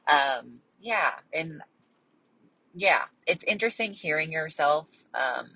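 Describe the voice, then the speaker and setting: A young woman talks to her listeners in a casual solo podcast. Her voice sits low and carries a husky edge. She chats in a bubbly way, leans on fillers, and still takes care to pronounce each word crisply. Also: expressive, slow, pushed and bright, poor audio. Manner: bubbly, chatty, lots of fillers. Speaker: podcast host.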